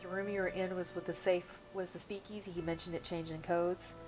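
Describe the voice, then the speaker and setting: Casting: woman game streamer, slight Missouri twang, lowish voice, chatty, game music playing behind. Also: little pitch movement, fairly quick. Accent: Missouri Bootheel twang. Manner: chatty, thinks aloud, reads chat. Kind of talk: livestream gameplay commentary. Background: game music and cicadas.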